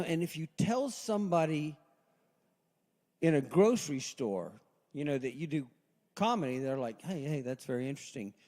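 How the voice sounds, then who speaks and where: A man in his sixties doing a stand-up set at a live open mic, deadpan, dropping low and quiet for his punchlines. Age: 60s. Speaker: stand-up comedian. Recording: long reverb in a hall.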